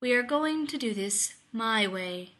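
Woman doing a slow-drawling male pilot. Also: medium pitch, pushed and bright. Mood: firm.

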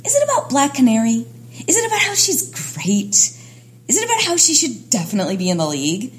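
A woman's voice: a little high, wildly swooping pitch, fairly quick. A woman playing a bubbly teasing young sorceress. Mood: excited. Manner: chirpy, swooping, playful. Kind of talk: fan audio drama reading.

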